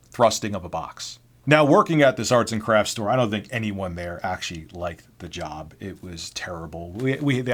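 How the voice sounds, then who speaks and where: A man's voice: mid-range voice, fairly bright tone. A middle-aged man vlogger telling personal work stories in a candid, sardonic, conversational way. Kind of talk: casual storytelling.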